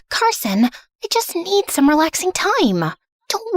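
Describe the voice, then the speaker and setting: A young woman narrates a first-person animated drama in a high voice that swoops all over. Her delivery is sassy, sarcastic and dramatic, recorded dry and close to the mic. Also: slow, no room sound. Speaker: narrator and heroine.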